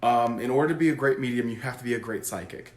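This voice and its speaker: A man who works as a psychic medium, explaining his work to camera in a goofy, animated way. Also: mid-range voice, quick pace, echoey room. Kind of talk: casual talk to camera.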